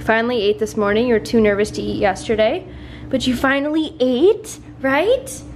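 Young woman vlogger, high voice, chatty and cooing, light background hiss. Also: fairly quick. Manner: cooing baby talk to a puppy, chatty asides to viewers. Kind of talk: casual vlog with a new puppy.

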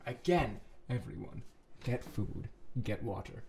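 A man reading a fan fiction story aloud who breaks into excitable yelling and groaning reactions. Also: fairly low pitch, measured pace, vocal fry. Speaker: story reader.

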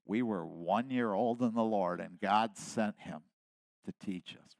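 A man in his seventies delivers a sermon in a slow, deliberate rhythm. His voice sits low and moves between soft, close asides and loud, emphatic peaks. The sound is dry and close to the mic. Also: gravelly, dry recording. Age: 70s. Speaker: pastor.

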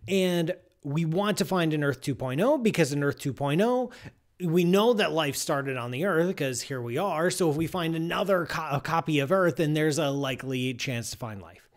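Male science-show host, lively and theatrical, mock-outraged, big swings between loud and muttered. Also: fairly high pitch, moderate pace. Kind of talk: live science show monologue.

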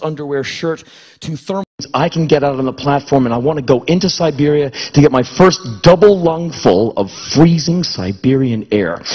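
Animated husky man telling a story. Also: on the high side, muffled recording. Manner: animated, acts out voices with shouts and grunts. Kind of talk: spoken-word comic storytelling.

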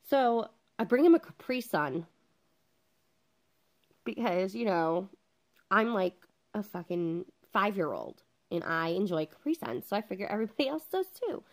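A woman's voice: mid-range voice, very animated, unhurried. A woman in her thirties casually telling a funny story at home, chatty, swearing freely and acting out what everyone said. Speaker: vlogger.

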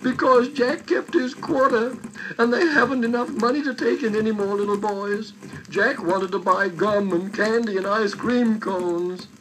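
A man's voice: high voice, unhurried, fairly bright tone, pitched above the performer's own voice, low-quality recording. A man voicing a small orphan boy in a children's story, speaking through sobs. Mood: sobbing. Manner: sobbing, plaintive. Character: sobbing little orphan boy.

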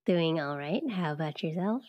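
A woman's voice: low voice, normal speed, darkish tone, dry recording. A young woman co-hosting a podcast, chatting casually and laughing often. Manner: giggly, chatty. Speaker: podcast co-host. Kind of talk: casual chat.

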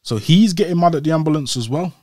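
Fast and on the high side, the young man's voice comes through in studio quality with no room sound. As an interview guest, he tells his story casually and with animation, acting out the voices of the people he describes.

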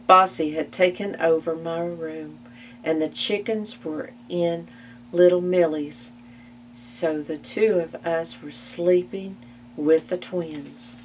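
A woman reading a children's picture book aloud at a library storytime, expressive and gasping at the story's turns. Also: deep voice. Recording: distant mic with faint hum.

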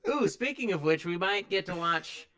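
A man co-hosts a casual movie podcast, his voice sitting a little high. He jokes, swears and plugs the show's pages between riffs. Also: expressive, moderate pace, pushed and bright. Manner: joking, swearing, promoting the show. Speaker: podcast co-host. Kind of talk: casual chat.

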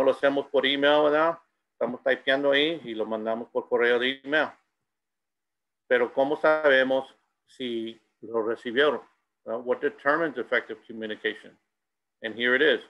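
A muffled recording captures a middle-aged man with a medium-pitched voice and vocal fry giving a bilingual school presentation. He switches between Spanish and English and tells anecdotes.

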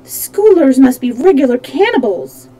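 A woman's voice: fairly high pitch, animated, normal speed, dark tone, lightly acted, poor audio. A woman voicing a brave, curious young girl in a storybook, speaking eagerly. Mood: anxious. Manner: eager and wondering.

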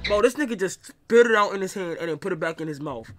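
Loud excitable young man streaming. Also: sits high, fast, over music. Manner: loud, excitable, laughing and shouting. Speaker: streamer reacting to a video. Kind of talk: live-stream reaction commentary.

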